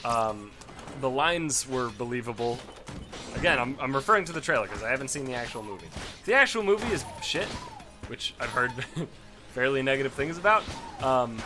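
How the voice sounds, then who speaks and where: Brief: young male let's player, casual profane rant, game music behind. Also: medium pitch. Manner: ranting, profane, self-interrupting. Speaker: let's play host. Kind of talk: casual gaming commentary.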